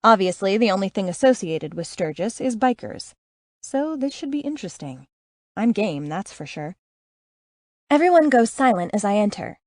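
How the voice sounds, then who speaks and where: A woman's voice: medium pitch, big pitch swings, normal speed, dry recording, clean studio sound. A woman reading a first-person audiobook in a sarcastic, self-assured way. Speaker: audiobook narrator.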